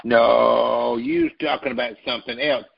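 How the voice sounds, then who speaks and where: A man with a gravelly, husky voice talks in a loose, rambling way, pushing hard on his points and spelling words out to drive them home. He sounds like a guest sharing opinions on a talk show. The recording is dull and lo-fi. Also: mid-range voice, big pitch swings, measured pace. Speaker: political commentator.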